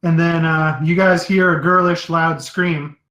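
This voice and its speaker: A man running a tabletop game as dungeon master, describing scenes in a relaxed, rambling way. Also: fairly high pitch, unhurried, roomy sound, very noisy.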